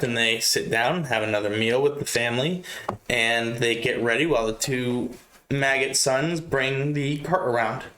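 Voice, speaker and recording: A man retells a novel in his own relaxed, chatty way, adding asides as he goes. His voice sits at a middle pitch. The room is noticeably echoey. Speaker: reader and narrator.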